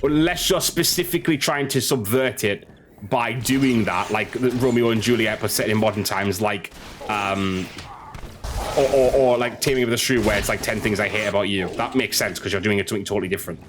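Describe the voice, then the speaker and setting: A low-voiced man gives rambling, opinionated commentary while he streams a game. He often stops and restarts mid-sentence, with a faint noise running underneath. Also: brisk. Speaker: gaming streamer. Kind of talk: casual commentary over gameplay.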